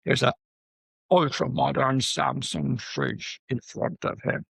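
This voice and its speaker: An older man from Jamaica, a professor guest, talking in an animated storytelling way with frequent asides. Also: mid-range voice, slow, vocal fry, breathy edge, no room sound. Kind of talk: conversational interview.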